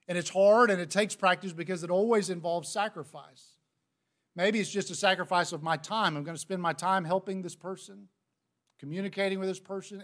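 Male preacher with a high voice, earnest and conversational, reading scripture in a sermon. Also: a bit bright.

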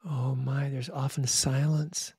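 A man telling stories in an interview in an animated way, often restarting and acting out the people he quotes. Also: mid-range voice, slow, creaky, breathy edge, no room sound, studio quality. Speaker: charity founder and guest. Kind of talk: interview storytelling.

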